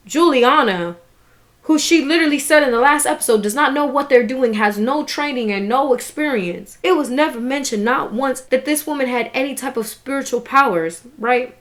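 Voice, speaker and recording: A woman vlogger giving candid, indignant commentary on a documentary, talking casually and swearing now and then. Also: fairly high pitch.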